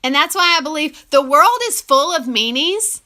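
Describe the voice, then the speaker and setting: A woman's voice: high-pitched, expressive, normal speed. A young woman giving heartfelt relationship advice to camera, emotional and giggly as she talks. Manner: warm, emotional, giggly, earnest. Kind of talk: casual heartfelt talk to camera.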